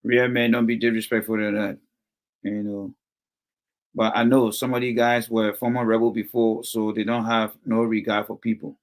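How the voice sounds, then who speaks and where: A middle-aged Liberian man with a Liberian English accent hosts a casual livestream, reading viewer comments and repeatedly scolding one commenter with emphasis. His lowish voice is level in tone at a moderate pace.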